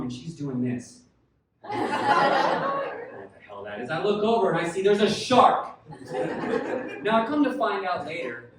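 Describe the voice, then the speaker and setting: A man performs a stand-up set on a club stage, his voice fairly high. He delivers dry setups and then bursts into shouted punchlines. The sound is distant and echoey, with a noisy room behind him. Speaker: stand-up comedian.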